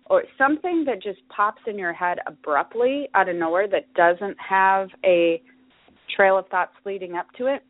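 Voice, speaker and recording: A woman's voice: medium pitch, animated, moderate pace, no room sound. A woman hosting a podcast, explaining her topic in a chatty way, with fillers and restarts. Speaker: podcast host. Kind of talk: casual solo podcast talk. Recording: dry phone-like audio.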